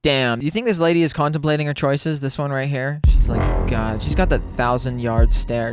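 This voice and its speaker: A young man giving sarcastic, profane reaction commentary over clips, with quick mocking asides. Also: mid-range voice, fairly even intonation, over music. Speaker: commentary vlogger.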